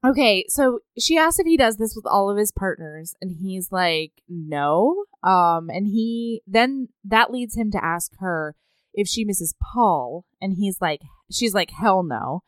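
A woman co-hosting a podcast, chatting casually about a book and reading quotes aloud with animated voices. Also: mid-range voice, unhurried, clean tone, no echo. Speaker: podcast co-host. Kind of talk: casual book-club chat.

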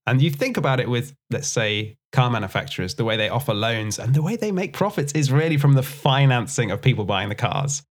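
A man with a lively, swooping intonation chats about banking on a podcast. He tosses out leading questions and drops wry one-liners, keeping the talk light. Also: medium pitch, a little fast, few pauses. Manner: wry, asks leading questions, dry jokes. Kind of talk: conversational finance chat.

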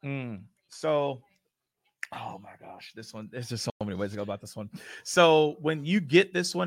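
A man on a panel, talking in a relaxed, conversational way and explaining step by step. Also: medium pitch, normal speed, no echo, studio quality. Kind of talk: casual panel discussion.

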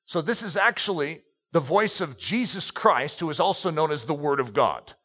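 Speaking into a handheld mic on a church stage, a middle-aged man preaches in a slightly high voice. His scripture reading is expressive, with deliberate slowing and stress on important words. He lightens things between passages with playful remarks to the congregation.

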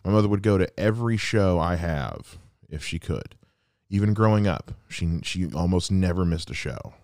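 A man in his thirties hosts a heartfelt solo podcast, speaking earnestly and reflectively about someone close to him, with quoted asides. His deep voice is expressive and a little mellow, his pace moderate, and there's no room sound.

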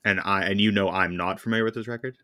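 A man's voice: on the low side, fairly even intonation, fast talker, pushed and bright, dry recording, clean studio sound. A man co-hosting a music podcast, chatting casually with wry, self-deprecating humour. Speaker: podcast co-host. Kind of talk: casual chat about music.

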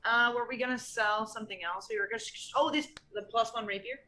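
A woman's voice: a little high, steady tone, fast talker, over music. A woman playing a tabletop game, casual and playful. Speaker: player.

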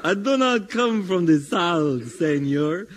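A fake-Spanish pompous general. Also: male voice, high-pitched, expressive. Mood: grandiose. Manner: put-on fake Spanish accent, grandly slow and oily. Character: pompous sly male revolutionary general, mock-grand. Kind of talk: 1950s radio comedy acting. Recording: hissy old radio recording.

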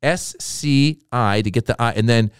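A middle-aged man, a comedian, chatting casually and telling animated stories with quick laughs. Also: medium pitch, clear, resonant tone, no room sound, clean studio sound. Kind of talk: casual chat.

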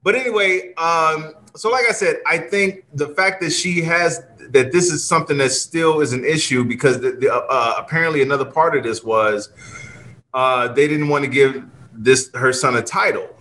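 Male comedian, casual podcast chat, bright lively voice, restarts sentences. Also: on the high side, moderate pace. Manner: animated, laughing, restarts sentences often. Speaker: co-host.

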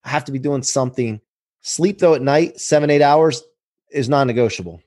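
A man's voice: mid-range voice, normal speed, a little mellow, no room sound. A man with a mid-range voice hosts a podcast. He talks upbeat and emphatic. The sound is dry and close, with no room. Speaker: podcast host. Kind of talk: casual conversation.

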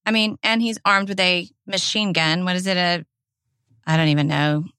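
A woman's voice: fairly low pitch, steady tone, moderate pace, bright, forceful tone, clear, resonant tone, no echo, studio quality. A woman with a Southern US accent, co-hosting a podcast in casual chat, emphatic and impassioned, swearing freely. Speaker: podcast co-host.

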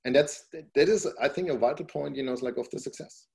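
A company founder guests on a podcast, giving long, casual answers in a mid-range, darkish voice with vocal fry. He talks fast and rambles, leaning on "you know, it's like" again and again, and gets emphatic when driving a point home.

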